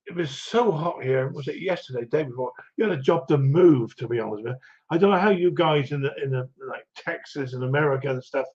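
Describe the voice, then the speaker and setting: A man's voice: on the high side, a little mellow. A middle-aged man hosting a livestream, chatting casually and rambling through viewer greetings with lots of ums and chuckles. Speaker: livestream host. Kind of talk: casual live chat reading viewer comments. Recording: dull lo-fi stream audio.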